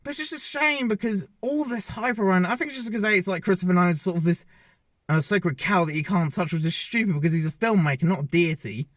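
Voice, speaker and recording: A higher-voiced male film reviewer talks fast on his self-filmed camera, offering a casual, opinionated take on a movie. He rambles and keeps correcting himself mid-sentence, in a dry room with no echo.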